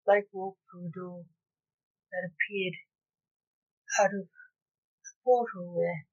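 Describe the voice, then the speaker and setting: A woman narrating a story, reading it out slowly and evenly. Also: fairly low pitch, fairly even intonation. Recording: dull lo-fi recording.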